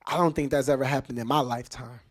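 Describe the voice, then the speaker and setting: A man's voice: mid-range voice, fairly even intonation, fast. A man hosting a podcast, talking straight to his listeners in casual commentary, emphatic and full of rhetorical questions. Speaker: podcast host.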